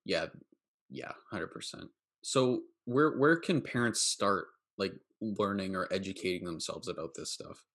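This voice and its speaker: Podcast host: man, lowish voice, relaxed storyteller, casual asides. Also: unhurried. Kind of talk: casual podcast conversation and anecdote.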